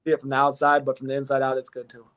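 Earnest young man, flat delivery. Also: mid-range voice, racing. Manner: earnest, rambling with many restarts. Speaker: pro football player guest. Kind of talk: casual interview talk.

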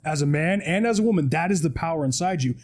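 A man with a high, dark and husky voice talks as a guest in a podcast studio. He preaches with emphasis and keeps checking in with "right?". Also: expressive, fast. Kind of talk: animated motivational talk.

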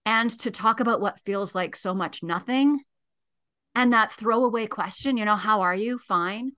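Earnest woman guest explaining calmly. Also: on the high side, normal speed. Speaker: grief educator, guest. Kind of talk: radio interview.

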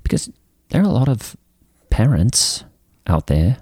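A man's voice: mid-range voice, big pitch swings, a little slow, mellow, slightly rough, no room sound, clean studio sound, heavily acted. A man playing a self-satisfied youth pastor who tells a rambling story full of fillers and restarts. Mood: rambling, earnest. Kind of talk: improvised comedy character.

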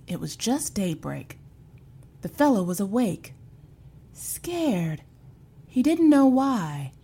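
A woman telling a spooky folk tale in a hushed voice with dramatic pauses. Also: medium pitch. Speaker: storyteller.

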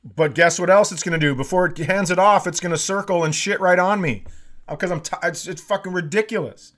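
A man in his fifties telling a comic story as a podcast co-host, animated, swearing and bursting into shouts. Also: high-pitched, fairly quick. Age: 50s. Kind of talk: comedic storytelling.

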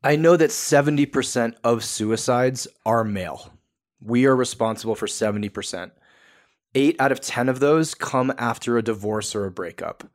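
A man's voice: medium pitch, moderate pace. A man, a podcast guest, talking earnestly and emphatically in a coaching tone. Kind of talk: podcast interview.

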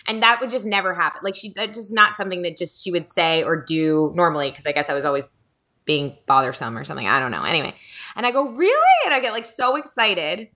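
A woman's voice: deep voice, animated, fast talker, sharp tone. A woman in her thirties, a podcast host chatting casually and telling a childhood story, acting out the voices of the people in it. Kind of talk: casual chat.

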